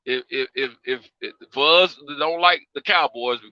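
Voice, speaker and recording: A man's voice: a little high, normal speed, sharp tone, no room sound, lo-fi sound. A man with a Southern accent hosting a casual live stream, talking in a drawling, folksy way full of slang. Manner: laid-back, drawling, folksy slang with frequent "you dig".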